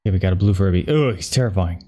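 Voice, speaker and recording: A man's voice: low-pitched, racing, mellow. A young man streaming a horror game, muttering and cursing at his keyboard as he plays. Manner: frustrated, swearing, talking to himself. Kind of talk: casual gameplay commentary.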